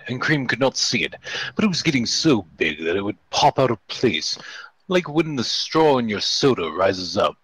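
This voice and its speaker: A man hosting a comedic fanfic reading, narrating in a deadpan way and chuckling at the text. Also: medium pitch, moderate pace, husky, dry recording, low-quality recording. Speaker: host and fanfic reader.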